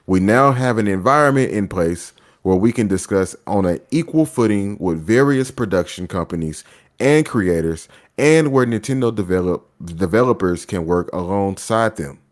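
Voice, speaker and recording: A man co-hosting a gaming podcast, reading a news article aloud in a steady, measured way. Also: on the low side. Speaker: podcast co-host.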